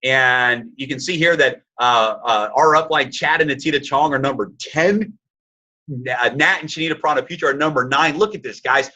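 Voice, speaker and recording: A man's voice: medium pitch, moderate pace, sharp tone. A man in his forties hosting a webinar, upbeat and hyped, with many fillers. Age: 40s. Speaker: webinar host. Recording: lo-fi webinar audio.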